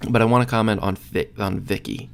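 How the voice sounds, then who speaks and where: A young man co-hosting a podcast, casually recapping a sitcom episode with animated retellings and quick acted-out quotes. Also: fairly low pitch, vocal fry, clear, resonant tone. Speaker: podcast co-host.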